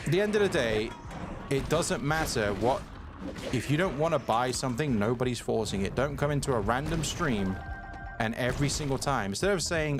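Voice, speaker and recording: A man's voice: medium pitch, expressive, fairly quick. A young man streaming a game live, annoyed and ranting at a viewer in chat, repeating himself as he talks. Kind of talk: live gameplay commentary. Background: game music.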